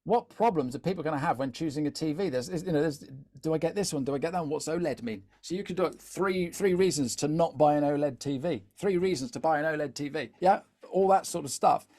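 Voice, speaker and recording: A man's voice: a little high, quick pace, few pauses, a little mellow. Chatty man coaching on social media. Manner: chatty, repeats words, asks "yeah?" often. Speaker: LinkedIn content trainer. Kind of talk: live webinar talk.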